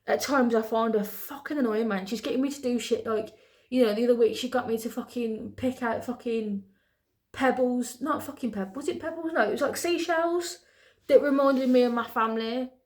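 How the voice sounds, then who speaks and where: Young woman, slightly high voice, blunt and sweary, frustrated vlog rant. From England. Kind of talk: candid venting to camera.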